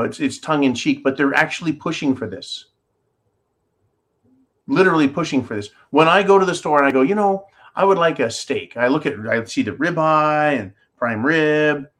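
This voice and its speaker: A man's voice: mid-range voice, fairly bright tone. Sarcastic rambling male commentary host. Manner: sarcastic, rambling, swears freely. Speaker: host of a call-in style commentary show. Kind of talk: casual ranting commentary. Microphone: holds objects up to a camera while talking.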